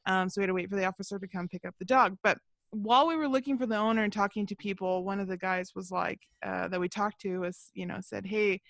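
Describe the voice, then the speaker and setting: A young woman co-hosting a podcast, talking casually over a video call. She tells stories loosely, with plenty of fillers and frequent laughter. Her voice is mid-pitched, and the sound is dry and close. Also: fast, creaky, no room sound. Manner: chatty, laughs often, many fillers. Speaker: podcast co-host. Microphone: video call mic.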